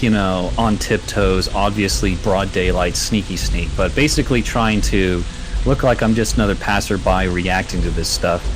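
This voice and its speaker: A man playing a tabletop game, chatting casually and thinking aloud about his moves. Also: fairly low pitch. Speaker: player.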